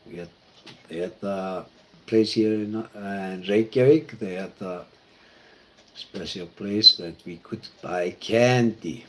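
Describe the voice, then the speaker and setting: Icelandic male pastor, storyteller, lowish pitch, bright tone. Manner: halting and reflective, with many fillers and restarts. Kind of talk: personal storytelling talk.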